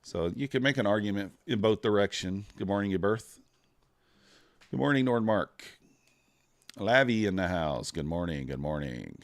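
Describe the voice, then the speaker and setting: In a casual live stream, a tired futures trader with a low voice yawns and drawls as he greets chat viewers. He speaks at a moderate pace with long pauses, and there's no room sound on the recording.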